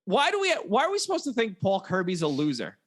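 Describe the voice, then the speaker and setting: A man's voice: sits high, huge pitch swings, fast. A man co-hosting a podcast, chatting casually and jokingly about a film, often mimicking lines from it. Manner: joking, quotes movie lines in mock voices. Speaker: podcast co-host. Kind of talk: casual chat about a movie.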